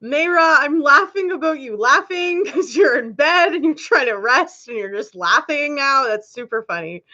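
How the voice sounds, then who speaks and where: A woman's voice: high voice, animated, moderate pace, few pauses, pushed and bright, muffled recording. A woman hosting a casual live stream, chatting candidly with viewers and laughing often.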